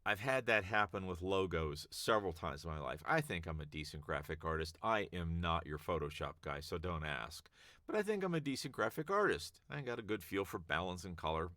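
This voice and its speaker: A man's voice: sits low, expressive, a little fast, sharp tone, dry recording, studio quality. A man who works as a voice actor, talking casually and emphatically about how scripts should sound. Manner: conversational, emphatic, demonstrates readings. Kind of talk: casual advice talk to camera.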